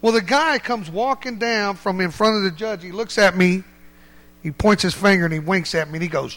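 A man telling a funny testimony story in a relaxed, colloquial way, animated and laughing often. His voice is high and bright, and he sounds excited as he speaks. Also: normal speed, long reverb tail. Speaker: church speaker giving a testimony. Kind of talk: humorous storytelling.

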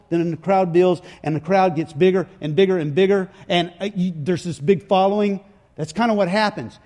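A man preaching a sermon, retelling scripture in folksy everyday words and swinging from quiet asides to shouted crowd chants. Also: sits high. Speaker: pastor.

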